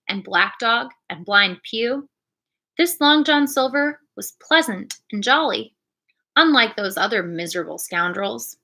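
A woman reading a classic adventure storybook aloud in a clear, expressive storytelling manner. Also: mid-range voice. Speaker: reader.

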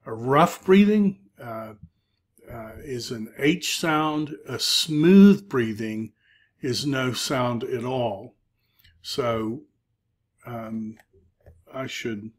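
Guy teaching a video lesson, talks slow, lots of uhs and ums, mid pitch. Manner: halting, frequent filler sounds while explaining. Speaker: Greek instructor. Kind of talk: recorded video lecture.

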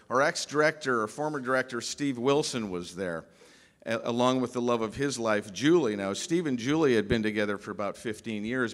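A man's voice: mid-range voice, fairly bright tone. Man telling stories at a memorial, echoing hall. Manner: storytelling with humor, restarts and emphatic pauses. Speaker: eulogist speaking at a memorial. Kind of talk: anecdotal memorial speech. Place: large pavilion hall. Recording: long hall reverb.

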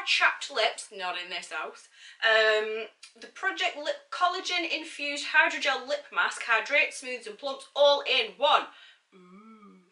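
A woman's voice: high-pitched, sharp tone, recorded from a distance. Bubbly woman in an echoey room. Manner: chatty, bubbly, self-mocking, reads product blurbs aloud. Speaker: beauty vlogger. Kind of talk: casual unboxing chat.

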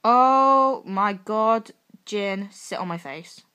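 A woman's voice: medium pitch, very slow, sharp tone, smooth, highs cut off. A young woman hosting a reaction video, gushing, gasping and teasing as she reacts to photos one by one.

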